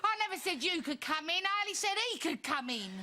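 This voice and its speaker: A woman's voice: extremely high pitch, animated, quick pace, crowd noise. An actress playing a brash, crude, working-class woman with a Portsmouth accent, blunt and bawdy, in a TV sitcom. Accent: Portsmouth English. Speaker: sitcom character.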